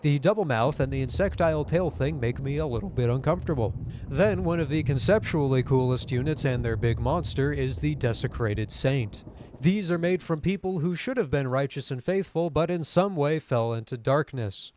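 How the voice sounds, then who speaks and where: A young man talks through a scripted video essay on a tabletop game. His voice sits a little high, and he breaks the script with dry, joking asides. A faint noise floor hums under the recording. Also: animated, normal speed. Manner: wry, conversational asides. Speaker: YouTube host.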